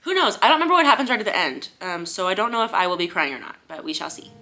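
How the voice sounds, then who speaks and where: A woman's voice: on the low side, very animated, racing, pushed and bright. A young woman chatting casually in a reading vlog, gushing and bubbly, with lots of "like" and "y'all". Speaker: book vlogger.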